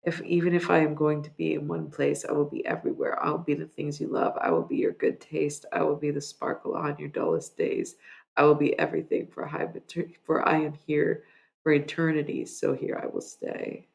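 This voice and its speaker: A livestreamer who reads their own poetic prose aloud in a slow, dreamy way, then chats softly and rambles. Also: mid-range voice, little pitch movement, gravelly. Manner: dreamy, deliberate reading; soft, rambling chat with many "like"s.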